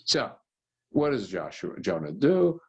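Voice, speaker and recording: A man, a rabbi, teaching a scripture study session and telling the story with animated voices for its characters. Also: lowish voice, measured pace, breathy edge, dull audio. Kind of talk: text study lesson.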